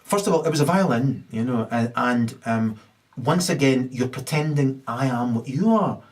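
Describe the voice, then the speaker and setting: A man's voice: mid-range voice, animated, moderate pace, darkish tone. Rambling profane storyteller, man. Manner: rambling, profane, many ums and restarts.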